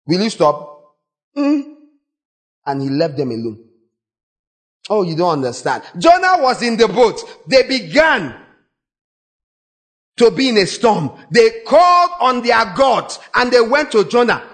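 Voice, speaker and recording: A man preaching a sermon in a dramatic, animated way, acting out quoted voices and breaking into sudden shouts. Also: very high voice, a little slow, long pauses.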